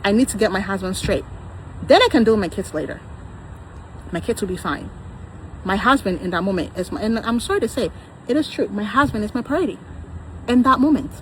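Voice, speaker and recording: A woman's voice: medium pitch, animated, a little fast, long pauses, slight background noise, low-quality recording. A woman in her thirties talking in a personal vlog, insistent and defensive, repeating her points. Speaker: vlogger.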